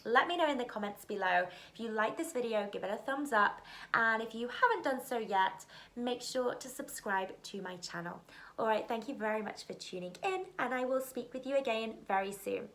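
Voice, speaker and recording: A woman's voice: on the high side, animated, normal speed, a bit bright. A woman hosting her own video channel, talking casually and encouragingly to the camera with frequent fillers. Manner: chatty, encouraging, frequent "you know" and "like". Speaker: video host.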